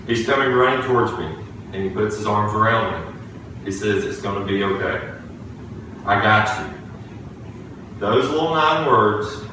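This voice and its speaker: A man's voice: fairly low pitch, noisy background. A man preaching a sermon in a church, telling a personal story earnestly and restarting phrases as he goes. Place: church sanctuary. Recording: echoey room, distant from the mic.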